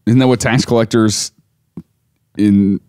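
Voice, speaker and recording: A man's voice: lowish voice, fairly even intonation, darkish tone, clear, resonant tone, no room sound, clean studio sound. A man co-hosting a casual podcast, joking and riffing on the story. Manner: joking, quick riffs and silly voices. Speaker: podcast co-host. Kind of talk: casual comedic chat.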